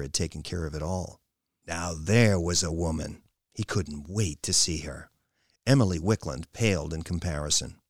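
A man narrating a novel with expressive, lingering storytelling. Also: sits low, no echo, studio quality. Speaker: audiobook narrator. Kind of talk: scripted narration.

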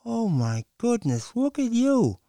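A man's voice: very high voice, huge pitch swings, takes it slowly, dark tone, no echo, voice pushed up, exaggerated voice. Wry, weary young woman, read by a man. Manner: dry, wry. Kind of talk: audiobook dialogue.

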